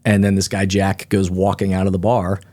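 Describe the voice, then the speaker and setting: A man's voice: low-pitched, a little fast. A middle-aged man, a guest author, telling stories in a casual interview and acting out the people in them. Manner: animated storyteller, acts out quoted people.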